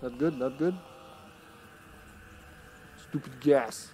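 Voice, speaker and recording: A man's voice: mid-range voice, slow pace, warm tone, a little hiss or hum. A man casually commenting on his live gameplay, laughing often, taunting enemies and slipping into a put-on Austrian action-hero accent. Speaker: streamer.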